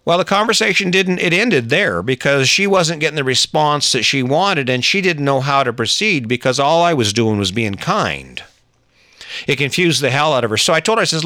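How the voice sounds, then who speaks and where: Bright-toned middle-aged man giving relationship advice. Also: medium pitch, no echo, clean studio sound. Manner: earnest, conversational, with frequent restarts and asides. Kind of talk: personal storytelling and advice monologue.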